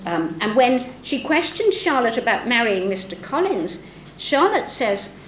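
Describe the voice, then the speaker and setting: A woman's voice: fairly high pitch, very animated, measured pace, fairly bright tone, echoey room, dull audio, a little hiss or hum. A woman lecturing on a classic novel, thoughtful, with frequent fillers and restarts. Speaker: literature lecturer.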